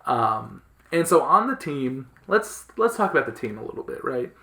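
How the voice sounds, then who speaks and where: A man's voice: mid-range voice, very animated, moderate pace, gravelly, bright, forceful tone, a little hiss or hum. A man hosting a casual podcast chat, explaining things enthusiastically with lots of fillers and restarts. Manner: enthusiastic, rambling, many fillers. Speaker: podcast host. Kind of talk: casual chat about comics.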